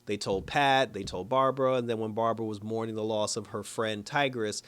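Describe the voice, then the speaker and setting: A young man giving a casual, animated review of a TV episode, retelling scenes by quoting the characters and laughing often. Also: on the low side, brisk, smooth. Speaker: TV show reviewer. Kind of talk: casual spoken recap and review.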